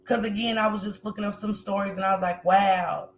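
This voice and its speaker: A woman's voice: mid-range voice, steady tone, brisk, a little hiss or hum. A woman hosting a livestream, talking straight to her viewers in an emotional, preaching way. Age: adult with a grown son. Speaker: livestream host. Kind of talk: casual livestream commentary.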